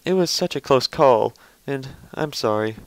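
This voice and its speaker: A man reading the lines of a refined, emotional female unicorn pony in a soft, genteel, earnest way, his voice smooth and clear. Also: medium pitch, animated, measured pace, dry recording, rough recording. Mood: tender.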